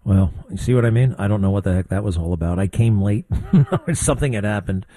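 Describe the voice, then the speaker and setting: An older man hosting a talk show, giving blunt, conversational political commentary with quick asides. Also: on the low side, mellow. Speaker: radio talk show host.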